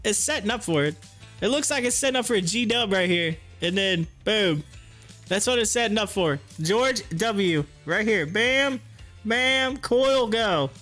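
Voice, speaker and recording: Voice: medium pitch, a little slow, soft background music. A livestream host commenting on stock charts, laughing often and reading viewer comments aloud. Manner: giggly, laughs often, excitable. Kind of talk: live-streamed market commentary with chat reading.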